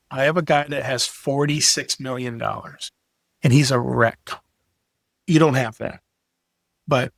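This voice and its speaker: A middle-aged man talking as a podcast guest, telling lively stories with swearing and acted-out quotes. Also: a little high, no echo, clean studio sound. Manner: animated storyteller, profane, acts out quotes. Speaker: podcast guest, graphic designer. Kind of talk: casual chat.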